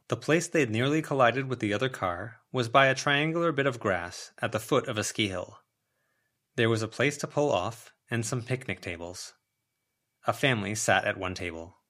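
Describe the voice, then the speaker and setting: A man narrates a fan-made audiobook in a calm, measured voice of ordinary pitch. He keeps an even pace through the story. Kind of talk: audiobook reading.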